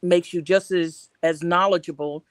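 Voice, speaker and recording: A woman co-hosting a casual panel chat, lively and animated, acting out voices from everyday street talk. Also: lowish voice, moderate pace, dry recording. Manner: animated, acts out street dialogue. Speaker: co-host.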